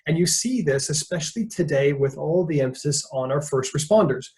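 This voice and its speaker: A man's voice: fairly high pitch, animated, brisk, a little mellow. A man presenting a leadership webinar, telling stories in a conversational way and acting out quotes. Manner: conversational storytelling, jokes and acts out quotes.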